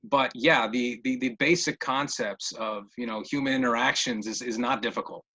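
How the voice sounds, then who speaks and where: A man's voice: medium pitch, fairly even intonation, moderate pace, sharp tone, breathy edge, lo-fi sound. A man answering questions in a casual webinar as a behavior interventionist, often repeating words as he thinks, over a video call. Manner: repeats words while thinking, many fillers.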